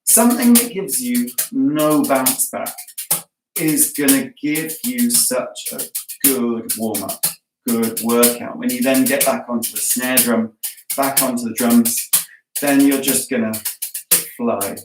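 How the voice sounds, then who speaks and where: A man leading a guided drum practice lesson, chanting stickings and syllables aloud in a relaxed, encouraging, chatty way. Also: medium pitch, normal speed. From England. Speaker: drum teacher. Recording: roomy, distant sound with music behind. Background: metronome and drumming.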